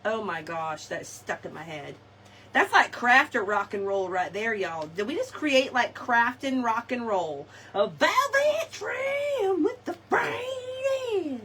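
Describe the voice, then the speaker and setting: In an unhurried, sharp-toned mid-range voice with lively intonation, a woman chats to her audience during a live craft session and laughs often. The distant mic brings faint ambience and slight background noise.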